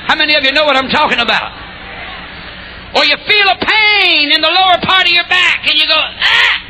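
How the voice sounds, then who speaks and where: An older man preaching a revival sermon, shouting and calling on the crowd to answer back. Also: extremely high pitch, fairly quick, slight background noise, poor audio. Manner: shouting, call-and-response exhortation.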